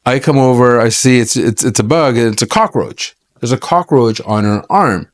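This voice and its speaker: A middle-aged man from Canada recounts a story to camera. He talks in a loose, chatty way, sounds aggrieved, and keeps circling back with fillers and restarts. His voice sits at an ordinary middle pitch. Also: lively intonation, normal speed. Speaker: accountant telling a personal story.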